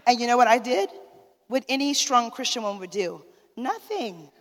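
A minister's wife gives an emotional sermon testimony, addressing listeners directly in a slightly high, brisk voice. Long hall reverb surrounds her.

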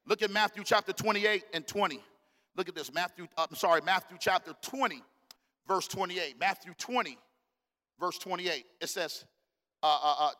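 Middle-aged male pastor, high tense voice, casual slang preaching, long church-hall echo. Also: moderate pace. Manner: animated preaching, calls out to the congregation; casual slang-filled delivery. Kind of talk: sermon. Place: church sanctuary.

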